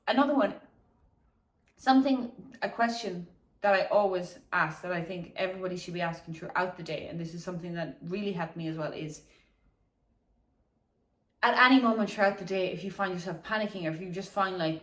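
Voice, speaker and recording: Low-voiced woman chatting on a walk. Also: normal speed, roomy sound, far from the mic. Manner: meandering, chatty, swears casually, laughs often. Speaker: wellness vlogger. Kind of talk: casual reflective talk to camera. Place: outdoors on a morning walk.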